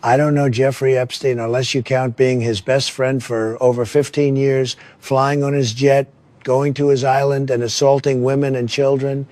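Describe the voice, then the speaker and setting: A man's voice: mid-range voice, level tone, moderate pace, a little mellow, dry recording, natural voice. A man reading a satirical parody statement in a mock presidential voice.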